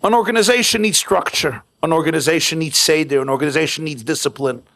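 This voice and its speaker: A man's voice: a little high, fast, gravelly, fairly bright tone. A man, a rabbi, giving a keynote sermon at a home event, mixing jokes with storytelling in short, punchy repeated phrases. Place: private home event with live audience.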